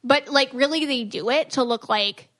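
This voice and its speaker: Chatty woman podcast host, fairly high voice. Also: moderate pace. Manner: animated, acts out quoted voices. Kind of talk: casual chat.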